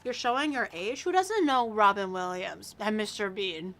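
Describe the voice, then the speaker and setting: A woman's voice: mid-range voice, normal speed, fairly bright tone, soft background music. A woman in her early twenties with a Canadian accent, chatting casually and teasingly with viewers on a livestream, with lots of fillers. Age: early 20s. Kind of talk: casual chat reacting to viewers.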